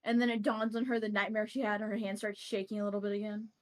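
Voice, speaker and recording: A woman's voice: mid-range voice, little pitch movement, fast. A woman player at a tabletop game who talks in a chatty, playful way. She moves freely between speaking as her character and speaking at the table. Her voice sits in a medium range. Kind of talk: casual tabletop role-play.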